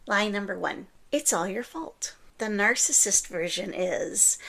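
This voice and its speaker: A woman hosting a podcast, talking earnestly and encouragingly, often dropping into a breathy whisper. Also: on the high side, animated, moderate pace, few pauses, a bit bright. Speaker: podcast host. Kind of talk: scripted podcast monologue.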